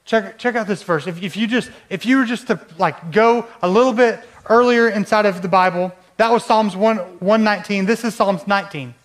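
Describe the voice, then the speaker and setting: Guy with a high voice giving a sermon, chatty, keeps asking the room questions. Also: moderate pace, few pauses. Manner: conversational preaching with rhetorical questions. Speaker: pastor.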